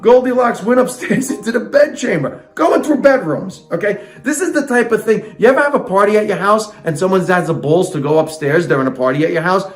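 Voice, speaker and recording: High-voiced man ranting over a storybook. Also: lively intonation, a little fast, few pauses, reverberant, soft background music. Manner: sarcastic, indignant ranting. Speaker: comedian reading a fairytale aloud. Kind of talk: comic storybook reading with ranting asides.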